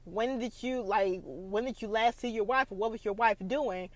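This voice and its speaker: An irritated young husband lectures his wife in an exasperated tone, as a woman quotes him on her podcast. The voice runs a bit higher and quicker than her everyday talk. The sound is dry and close. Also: dry recording, natural voice, poor audio.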